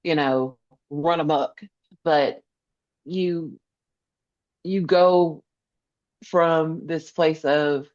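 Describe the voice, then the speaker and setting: A low-pitched, darkish woman's voice comes through a muffled recording, steady in tone, very slow, with frequent pauses. She's a social worker on a podcast, answering in a conversational interview with earnest emphasis and repeated phrases to drive her point home.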